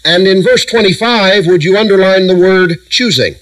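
Captured on a rough recording, a middle-aged preacher speaks in a high-pitched, fairly bright voice. He guides his congregation through scripture using emphatic lists and deliberate pauses.

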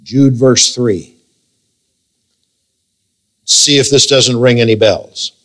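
Emphatic preaching man, slow cadence. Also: mid-range voice, fairly bright tone. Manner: emphatic preaching, slow drawn-out scripture reading. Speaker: pastor. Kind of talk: sermon.

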